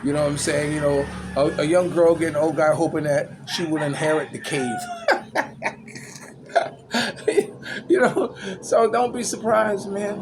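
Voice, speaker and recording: An older man talks in a loose, rambling vlog, chuckling as he goes and filling pauses with "you know." His voice sits fairly high for a man. Traffic and street noise hum steadily behind him. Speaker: vlogger. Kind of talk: casual vlog commentary. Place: small outdoor hangout spot after tennis.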